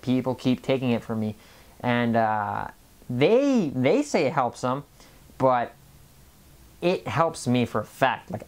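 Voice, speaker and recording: Casual vlogger of Mexican background, rambling monologue, mid-pitched voice, lots of restarts. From Mexican family background. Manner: rambling, many restarts and repeated words. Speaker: health vlogger.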